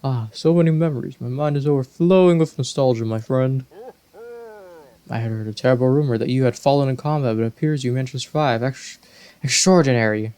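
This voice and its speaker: A man voicing an aged, huge male fish-folk king in a video game, speaking formally and slowly. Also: medium pitch, fairly even intonation, dark tone, clear, resonant tone, close to an everyday voice. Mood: regal. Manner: formal, stately, slow and courtly.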